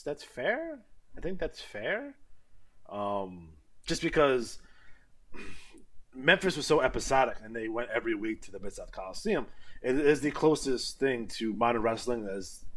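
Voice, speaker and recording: A man's voice: mid-range voice, fairly bright tone. A man co-hosting a casual talk show, rambling, stammering and repeating his words. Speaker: podcast co-host. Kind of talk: casual chat about wrestling.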